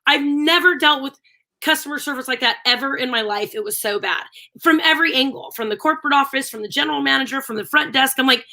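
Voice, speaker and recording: A woman co-hosting a live stream, chatting casually and telling animated, ranting stories. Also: sits high, fairly quick. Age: adult with a daughter. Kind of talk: casual chat.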